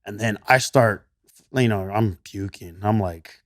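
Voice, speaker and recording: This podcast guest, a gym coach, has a Texan twang and a voice on the low side, speaking at a measured pace. His casual story comes with frequent laughter, swearing, and animated impressions of himself, recorded dry at studio quality.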